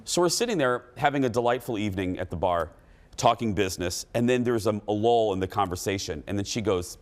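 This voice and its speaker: A man hosting a talk show, telling a story in a casual, animated way and acting out what people said. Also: on the low side, fast talker. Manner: animated storytelling, acts out quotes. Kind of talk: casual chat.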